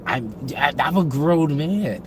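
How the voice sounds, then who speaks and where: A man's voice: a little high, expressive, slow. A young man in casual banter, playfully defensive and laughing often. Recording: noisy background.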